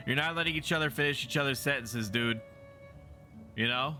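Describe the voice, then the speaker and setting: A man's voice: mid-range voice, brisk, pauses often, pushed and bright, soft background music. A young man streaming a game, joking around and reacting casually. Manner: joking, reads game lines aloud.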